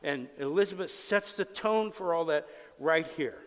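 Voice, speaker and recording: A man's voice: a little high, unhurried, fairly bright tone. A man preaching a sermon as pastor, conversational and emphatic, acting out the scenes he explains, in a long hall reverb.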